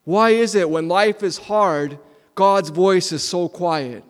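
Preaching man, dropping to hushed tones. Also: sits high, slow. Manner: dramatic swings from loud emphasis to hushed near-whispers; rhetorical questions and repetition. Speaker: pastor. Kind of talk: sermon. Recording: long hall reverb.

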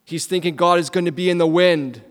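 A man preaching a sermon as a pastor, asking rhetorical questions and repeating lines, swinging from loud emphasis to hushed near-whispers. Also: high voice, a little fast. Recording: long hall reverb.

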